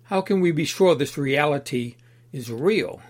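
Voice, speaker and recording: A man's voice: a little high, lively intonation, a little slow, a little mellow. A man reading the part of an agreeable but fussy open-minded man in an allegorical story, mild and easily put out.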